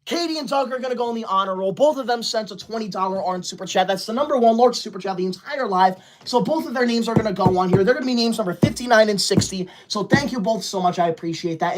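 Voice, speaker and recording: A woman hosting a casual livestream, reading super chats aloud and scolding viewers in a bossy, indignant way, breaking into sudden shouted outbursts. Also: mid-range voice. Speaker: livestream host.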